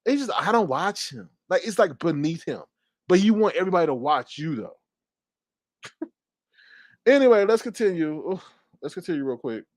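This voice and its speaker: A man doing a live commentary rant, fast-talking and sassy, slipping into mocking impressions. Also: sits high, sing-song, no room sound, clean studio sound. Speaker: commentary streamer.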